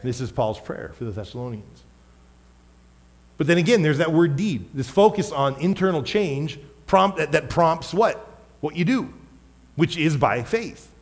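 A man preaching a sermon as a pastor, wearing a microphone, emphatic, with loud stressed words and quiet asides. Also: fairly high pitch, animated, a little slow. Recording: long hall reverb.

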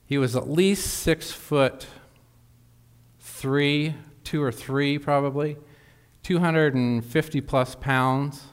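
A man's voice: a little high, fairly even intonation, extremely slow, clean tone. A man preaching a sermon, telling a personal story with emphatic asides to the congregation. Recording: long hall reverb.

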